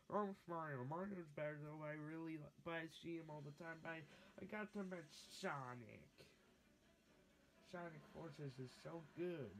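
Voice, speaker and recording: A man voicing an excitable young male plush character who rambles and gushes, in a puppet comedy skit. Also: on the high side, normal speed, a little hiss or hum, close to an everyday voice. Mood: rambling. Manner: gushing, rambling.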